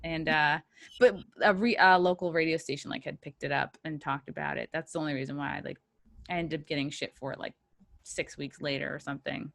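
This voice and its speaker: A woman's voice: sits low, steady tone, brisk, creaky, a bit bright, dry recording, studio quality. A woman hosting a podcast, telling stories in casual chat and acting out what other people said. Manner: chatty storyteller, acts out quoted people. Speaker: podcast host.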